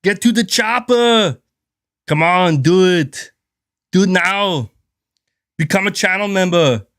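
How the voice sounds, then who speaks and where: Streamer guy doing a loud over-the-top austrian action hero, barking orders, pitched up. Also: slow. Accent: exaggerated Austrian. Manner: over-the-top barked commands. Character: shouting muscle-bound male action hero.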